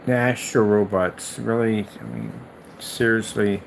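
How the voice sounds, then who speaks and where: A man hosting a gaming video, ranting in exasperated, animated commentary and mocking imagined replies. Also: lowish voice, measured pace, vocal fry, slight background noise. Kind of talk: ranting commentary over clips.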